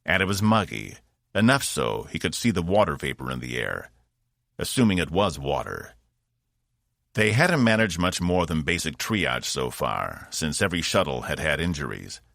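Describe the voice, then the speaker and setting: A man narrating a science fiction audiobook in a measured, expressive storytelling manner. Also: rumbling low, vocal fry, no room sound, clean studio sound.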